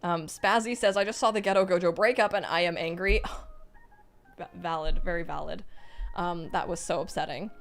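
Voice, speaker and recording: A young woman streaming live, reading out chat messages and reacting in a bubbly, excitable way. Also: fairly low pitch, moderate pace, creaky.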